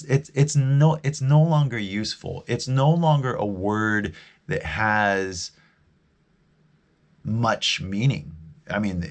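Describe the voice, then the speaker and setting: A man with a Californian American accent, an English teacher, chats casually with viewers on a live stream in a lowish voice. He rambles, restarts his sentences often, and closes with a friendly sign-off.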